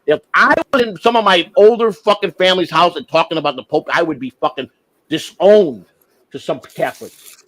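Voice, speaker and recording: A man hosting a livestream, ranting with heavy swearing, flaring loud and then dropping to a mutter. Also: fairly high pitch, normal speed, slight background noise, poor audio. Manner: profane, heated, swings from shouting to muttering. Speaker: livestream host. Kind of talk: unscripted livestream rant.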